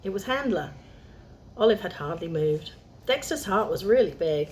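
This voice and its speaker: Lively woman reading a storybook aloud. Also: medium pitch, normal speed, slight background noise. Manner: chatty asides to young listeners. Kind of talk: reading a picture book aloud.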